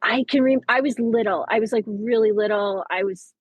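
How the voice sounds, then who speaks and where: A woman's voice: fairly high pitch, moderate pace, husky, no echo, lo-fi sound. A teacher in her forties sharing a personal story on a podcast, talking in rambling bursts with many restarts and fillers. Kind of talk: casual chat.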